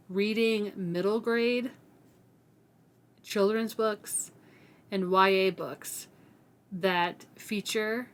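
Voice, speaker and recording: A woman's voice: mid-range voice, a bit bright, smooth. Earnest woman podcast co-host. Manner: earnest, agreeable, measured. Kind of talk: casual podcast discussion.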